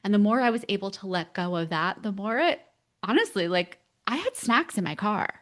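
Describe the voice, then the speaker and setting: A middle-aged woman, a parent coach, telling stories on a podcast, lively, filler-heavy and laughing often. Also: medium pitch, a little fast. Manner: animated storytelling, laughs often, many fillers. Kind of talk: casual podcast conversation.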